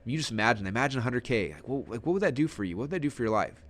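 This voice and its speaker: A man teaching a webinar on sales in an energetic, rapid-fire manner, often restarting his sentences. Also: medium pitch. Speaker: online marketing coach.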